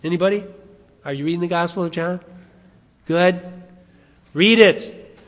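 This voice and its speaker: A man preaching a sermon, animated, asking his congregation rhetorical questions. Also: high voice, measured pace, big-room sound. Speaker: pastor.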